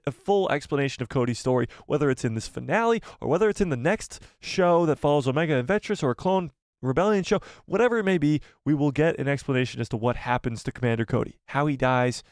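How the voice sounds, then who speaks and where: Excitable man hosting a live chat. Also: mid-range voice, fast talker, clear, resonant tone, dry recording, clean studio sound. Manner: excitable, reads viewer comments aloud; casual swearing. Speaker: live stream host.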